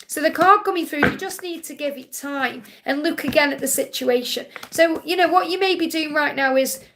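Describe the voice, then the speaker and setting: A woman's voice: sits high, normal speed, noisy background. A woman hosting a live-stream Q&A as a spiritual card reader, relaying messages in a soothing, reassuring way and often repeating key phrases.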